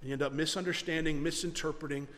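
Preaching quickly in a high voice with a bright edge, a pastor delivers an animated sermon, stumbling over repeated words as he pushes on. A long church-hall echo hangs on the sound.

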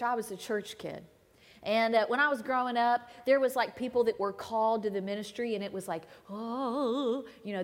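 A woman guest preacher delivering a conversational sermon, swinging between emphatic lines and hushed asides. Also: medium pitch. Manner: conversational, dramatic shifts between loud and hushed. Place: church sanctuary. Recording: long hall reverb.

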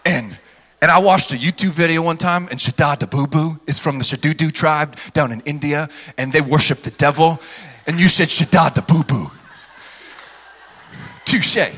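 A man's voice: on the high side, moderate pace, a bit bright. A male pastor preaching a sermon energetically, mimicking skeptics in mocking voices. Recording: long hall reverb.

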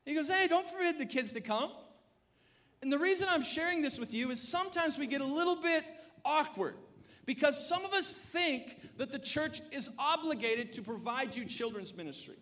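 High-voiced, emphatic male pastor. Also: animated, normal speed, pushed and bright. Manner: emphatic, exhorting the congregation with call-and-response. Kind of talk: sermon.

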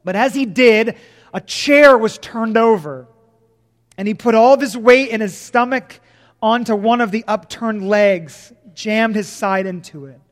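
High-voiced preacher in a reverberant hall. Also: male voice. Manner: dramatic swings between loud emphasis and hushed, slow lines. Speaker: pastor. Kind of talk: sermon.

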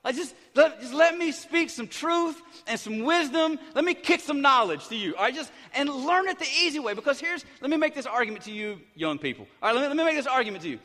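A middle-aged pastor preaching a sermon, hyper and excited, tumbling through restarts and repeated words. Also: male voice, very high-pitched. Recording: big hall reverb.

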